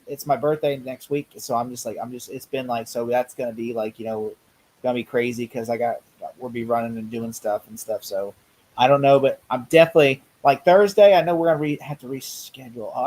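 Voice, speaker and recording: A man's voice: medium pitch, darkish tone, low-quality recording. A man hosting a casual watch-party stream, rambling with many fillers and frequent laughs. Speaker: stream host.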